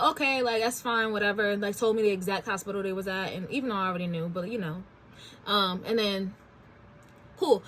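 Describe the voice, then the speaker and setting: A woman's voice: a little high, a bit bright. A woman in her twenties hosting a talk show, telling a personal story in a chatty, candid way with slangy asides. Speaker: podcast host. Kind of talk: casual storytelling.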